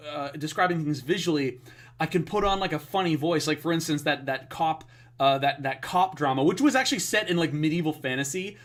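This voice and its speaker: Rambling, enthusiastic podcast man. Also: on the high side. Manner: rambling, enthusiastic, many fillers. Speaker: podcast co-host. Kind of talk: casual podcast chat.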